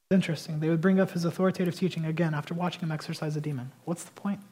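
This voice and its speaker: Husky-voiced man preaching a passionate sermon. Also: on the high side, steady tone, racing. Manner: passionate, swings between loud emphasis and quiet intensity. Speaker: pastor.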